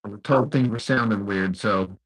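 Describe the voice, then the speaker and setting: A man's voice: fairly low pitch, moderate pace, a bit bright, husky, rough recording. A man hosting a casual live stream from home on his phone, easygoing and puzzled as he talks through connection trouble. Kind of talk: casual chat.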